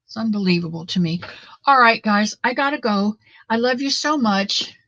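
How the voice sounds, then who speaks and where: With a medium-pitched, animated voice at a moderate pace, a middle-aged woman chats with viewers of her live knitting stream. The audio is dull and echo-free. She comes across as earnest, faith-filled and motherly, speaking warmly and straight to her audience.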